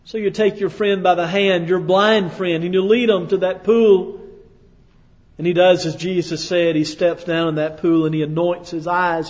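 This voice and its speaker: A male preacher telling a sermon as dramatic second-person storytelling, dropping to a hush and rising to loud declarations. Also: high voice. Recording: echoey hall, dull lo-fi sound.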